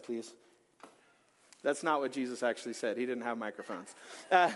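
A man preaching a sermon in an animated, conversational storytelling manner with jokes mixed in. His voice sits high, and long reverb from a church hall trails his words. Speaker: pastor.

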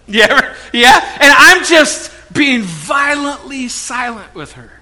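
Animated bright-voiced male pastor. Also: extremely high pitch, moderate pace, hardly any pauses. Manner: animated storytelling, acts out quotes, swings loud and soft. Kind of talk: sermon. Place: church hall before a congregation.

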